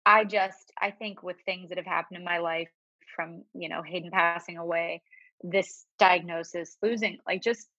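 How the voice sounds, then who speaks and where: A woman guest on a podcast talking about her family, halting and tearful, with many fillers and restarts. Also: on the low side, steady tone, bright, forceful tone, no echo, lo-fi sound. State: crying at times. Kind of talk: emotional personal conversation.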